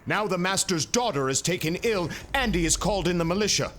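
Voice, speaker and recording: An actor playing a polite, deferential soldier in a board game's story app. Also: male voice, high-pitched, animated, fairly quick, fairly bright tone, a little hiss or hum. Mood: courteous.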